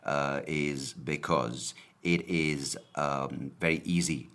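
A man's voice: rumbling low, steady tone, slow, a bit bright. A man in his thirties hosting his own podcast, rambling casually with lots of fillers and offhand swearing. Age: 30s. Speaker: podcast host. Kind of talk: casual solo podcast talk. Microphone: camera and podcast mic.

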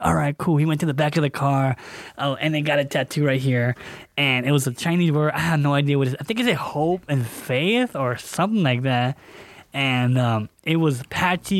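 A young man co-hosting a podcast, telling a story in casual chat, animated and acting out what people said. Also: a little high, dry recording. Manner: animated, acts out quotes with fillers. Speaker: podcast co-host.

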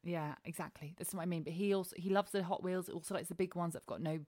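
A woman's voice: lowish voice, fairly even intonation, fast, darkish tone, dry recording. A woman co-hosting a podcast in casual chat, frank and jokey. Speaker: podcast co-host.

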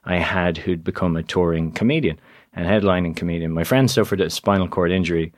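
A man from Ireland in his thirties tells stories as a guest in an interview. His voice sits a little low, and he talks in a lively, animated way, jumping into the voices of the people in his stories. The sound is dry and close. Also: brisk, no room sound. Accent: Irish. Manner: animated storyteller who acts out voices in quotes. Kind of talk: casual storytelling interview.

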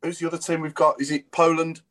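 A man's voice: fairly high pitch, level tone, fast talker, a bit bright. A man leading a casual football chat and asking questions. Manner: steers the talk, asks questions. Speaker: podcast co-host.

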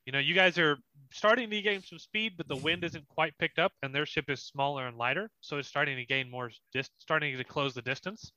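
A man's voice: on the high side, brisk, pushed and bright, no room sound, dull audio. A young man narrating as dungeon master of a tabletop game, in a casual, descriptive way. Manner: descriptive, laughs often, casual.

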